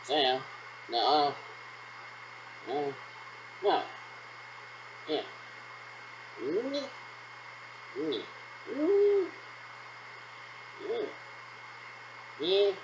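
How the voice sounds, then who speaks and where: A man's voice: a little high, sing-song, drawn-out words, pauses often, lo-fi sound, slight background noise. A man rambling through pretend radio checks on his own, ending turns with "over". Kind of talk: solo role-played radio checks.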